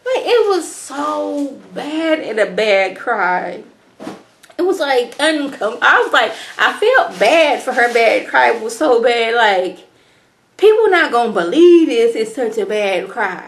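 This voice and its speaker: A young woman recapping a reality show in a sassy, animated way, mimicking the people she talks about. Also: on the high side, slow, creaky. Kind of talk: casual recap commentary.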